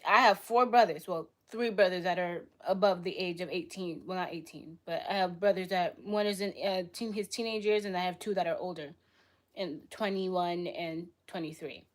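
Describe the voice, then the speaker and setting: Young woman, stream host, blunt and argumentative, answers chat with quick retorts. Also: mid-range voice, fairly bright tone. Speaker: livestream host. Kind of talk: live stream debate reading chat.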